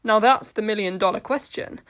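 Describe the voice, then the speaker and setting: A woman's voice: mid-range voice, moderate pace, a bit bright, lightly acted. The Doctor, blunt and eccentric, read by a woman. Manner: blunt, matter-of-fact, rambling. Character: blunt, eccentric alien time traveller, memory lost. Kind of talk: amateur audio drama reading.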